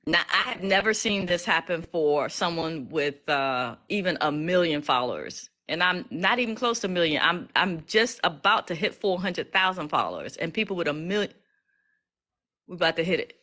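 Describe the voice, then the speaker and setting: A woman's voice: lowish voice, animated, normal speed, bright, forceful tone. A woman speaking, casually chatting to her followers on a livestream, emotional and full of restarts. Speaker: legal educator streaming live.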